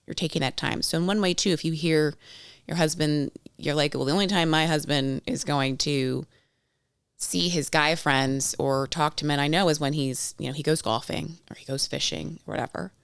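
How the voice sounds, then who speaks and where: A woman's voice: sits low, fairly even intonation, normal speed, gravelly, clean tone, no room sound, clean studio sound. A woman in her thirties co-hosting a podcast, chatting casually and telling stories with quoted voices. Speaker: podcast co-host. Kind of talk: casual chat.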